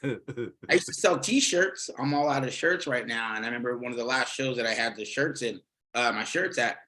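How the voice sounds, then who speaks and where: A man's voice: mid-range voice, normal speed, sharp tone, poor audio. A man doing a stand-up set over a video call, rambling, swearing often and laughing at his own jokes. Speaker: stand-up comedian.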